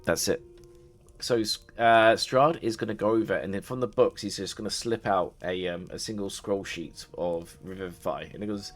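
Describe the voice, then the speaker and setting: Male dungeon master, low voice, loose chatty narration. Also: moderate pace, faint music behind. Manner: rambling, many fillers and restarts. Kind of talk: casual game narration.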